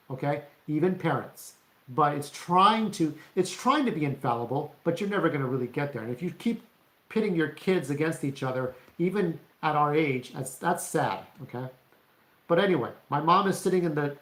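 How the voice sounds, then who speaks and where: A man's voice: fairly high pitch, fairly bright tone. A man delivering a rambling, profane rant to camera as a vlogger, often checking in with "okay?". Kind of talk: ranting monologue to camera. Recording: roomy echo.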